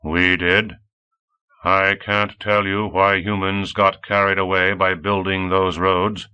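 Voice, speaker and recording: A deep, droning android robot from an older world, as a male narrator puts it on. He answers in a flat, literal monotone, and his tone stays crisp and bright. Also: takes it slowly, muffled recording, heavily acted.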